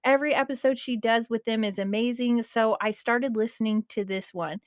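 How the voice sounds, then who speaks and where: A woman's voice: a little high, fairly quick, no echo, clean studio sound. A woman in her twenties hosting a podcast, chatting casually and emotionally and swearing now and then. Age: 20s. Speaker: podcast host.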